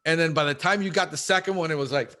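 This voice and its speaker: A man talking casually in an interview, animated and fast, acting out little quotes and calling the host bro. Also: on the high side. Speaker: guest, pest control business owner.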